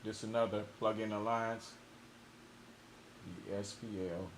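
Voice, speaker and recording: A man producer talking casually to himself while he mixes a beat, relaxed and muttering, with louder asides to his viewers. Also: lowish voice, a little slow. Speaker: music producer streaming a mixing session. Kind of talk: casual talk-through while mixing a beat. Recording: loud background noise.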